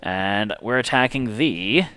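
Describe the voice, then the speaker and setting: A man hosting a streamed board game session, reading rules aloud and counting dice in a casual, animated way. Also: fairly low pitch, slow, smooth, no echo. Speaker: game host.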